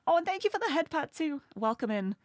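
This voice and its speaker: A woman's voice: sits high, big pitch swings, quick pace, no echo, clean studio sound. A bubbly, giggly woman chatting casually while she plays a video game live. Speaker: streamer.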